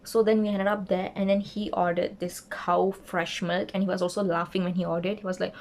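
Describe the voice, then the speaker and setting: A young woman, telling a dating story in a casual vlog and acting out the quotes with an animated, indignant manner. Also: on the low side, a little fast, hardly any pauses. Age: young adult. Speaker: vlogger.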